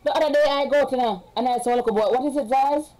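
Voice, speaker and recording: A woman's voice: high-pitched, very fast, a little mellow, poor audio. A woman with a Jamaican accent chatting casually on a live stream at home. She rambles along and breaks off to give her children orders.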